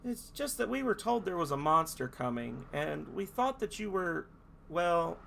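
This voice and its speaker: A polite young male game hero speaks with an apologetic, friendly lilt, as a man reads him aloud. His voice sits a little higher than the player's own and keeps a creaky texture. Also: big pitch swings, a little slow, bright, forceful tone, a little hiss or hum, heavily acted.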